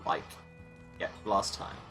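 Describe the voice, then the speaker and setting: A man's voice: slow, music in the background. A man hosting a let's play, giving chatty, self-mocking gaming commentary from a small sealed room and muttering to himself as he plays.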